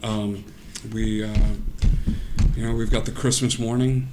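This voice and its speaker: A man voicing an awkward male action-figure doorman at a toy venue, who pitches his offers in a hesitant, rambling way full of fillers. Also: level tone, unhurried, background noise, natural voice.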